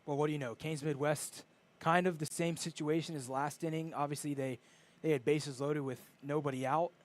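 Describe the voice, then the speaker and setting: A man's voice: a little high, steady tone, normal speed. A man giving chatty, analytical color commentary on a live baseball game.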